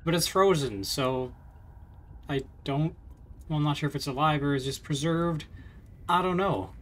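A man's voice: on the high side, moderate pace, a bit bright, slight background noise. A man chatting casually while playing a video game, rambling with fillers and small laughs. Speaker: let's play host. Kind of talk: casual gameplay commentary.

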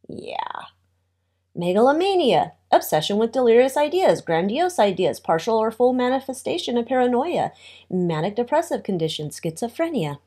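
A woman's voice: fairly high pitch, sing-song, moderate pace, warm tone. A woman giving a casual tarot reading, chatty, with wry asides and thoughts that trail off. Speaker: tarot reader.

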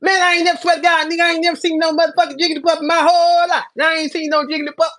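A man mimicking another grown man in a whiny, high-pitched voice of pleading denial. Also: little pitch movement, racing, bright, forceful tone. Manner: squealing, pleading protest.

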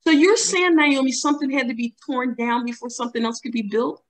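A woman hosting a faith radio interview, with a slightly high voice. She listens encouragingly and steps in with short clarifying questions. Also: a little fast. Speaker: radio and podcast host.

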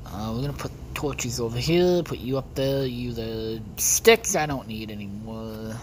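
In casual let's-play commentary, a female gaming host rambles to viewers about her own play, cursing often. Her extremely low voice is expressive and a little slow, and there's a little hiss or hum.

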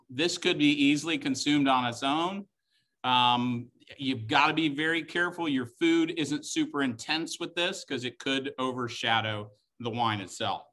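A middle-aged man runs a live-streamed wine tasting class, chatting and cracking jokes as he guides viewers through each bottle. His voice sits on the high side, with a bright, forceful tone.

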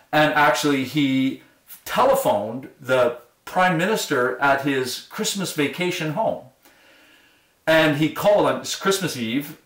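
A man, a university professor, giving an online lecture and telling a story with lively enthusiasm, acting out the quoted voices. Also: medium pitch. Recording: roomy, distant mic.

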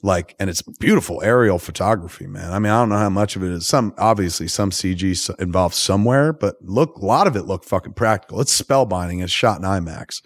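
A man's voice: deep voice, a little fast, few pauses, dry recording. Profane, rambling man recapping a film. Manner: profane, rambling and enthusiastic storytelling. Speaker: podcast host. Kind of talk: casual movie recap.

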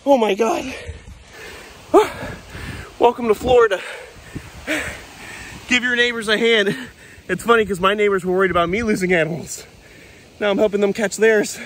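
A man vlogging outdoors in an open field, out of breath and excited, talking to the camera in a casual, repetitive way while he chases after something. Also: sits high, a little hiss or hum. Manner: excited, breathless, repeating himself while chasing an animal. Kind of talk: handheld outdoor vlog.

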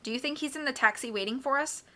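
A woman reading a storybook, voicing a bookish young teenage boy who asks quiet, curious questions. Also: sits high, fast. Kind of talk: audiobook character reading.

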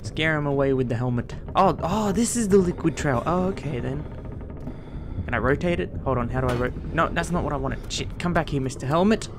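A man giving casual let's-play commentary, swearing a lot, excitable, and talking to himself as he plays. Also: a little high, a little fast, noisy background. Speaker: gameplay streamer.

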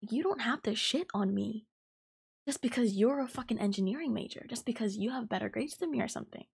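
A woman in her twenties hosting a podcast, venting heatedly and profanely about a coworker, talking fast with lots of fillers. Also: fairly high pitch, gravelly, a little mellow, slightly rough. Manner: fast and emphatic. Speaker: podcast host. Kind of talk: ranting storytime podcast.

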